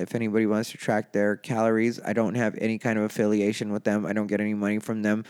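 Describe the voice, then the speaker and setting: A man talking casually and candidly on his own show, rambling from thought to thought and getting animated, tired and yawning. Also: fairly low pitch, smooth. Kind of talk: casual solo talk.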